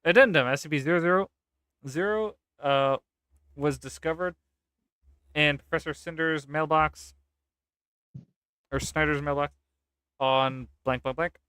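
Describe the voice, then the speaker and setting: A man's voice: fairly high pitch, unhurried, pauses often, pushed and bright, clean tone, no echo, studio quality. A man reading a document aloud with casual, sarcastic commentary and occasional swearing. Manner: sarcastic, swears, laughs at the text. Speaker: gaming content creator.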